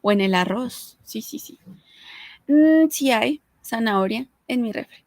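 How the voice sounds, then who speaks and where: A young Mexican woman with a Mexican accent gives a relaxed Spanish lesson, drifting between Spanish and English in a chatty, friendly-paced way. Her voice sits a little high. The sound is dry and close, with no room echo. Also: moderate pace. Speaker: Spanish teacher. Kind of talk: casual language lesson.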